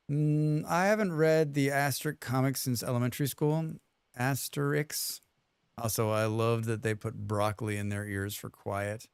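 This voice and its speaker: A man's voice: mid-range voice, steady tone, normal speed, clean tone, no echo. A man streaming a game, chatting casually and muttering questions and reactions at the screen. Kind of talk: casual gaming commentary.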